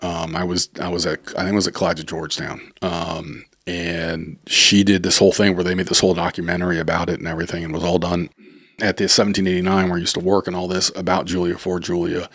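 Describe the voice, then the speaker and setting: A middle-aged man, a chef, telling stories in a casual podcast chat. He talks in an animated way, repeats words, swears freely and acts out what people said. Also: low voice, a little fast, no echo. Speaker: chef and barbecue restaurant owner, podcast guest. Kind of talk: casual conversational storytelling.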